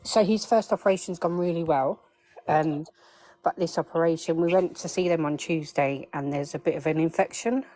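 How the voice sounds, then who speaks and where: Chatty, emotional woman, low voice. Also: moderate pace, mellow. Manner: chatty, emotional, rambling with fillers. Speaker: guest on a live stream. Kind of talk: casual live-stream chat.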